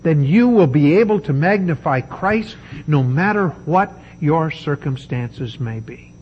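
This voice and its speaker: A man preaching a sermon, emphatic and deliberate, with dramatic pauses. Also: fairly high pitch, animated, muffled recording, slight background noise.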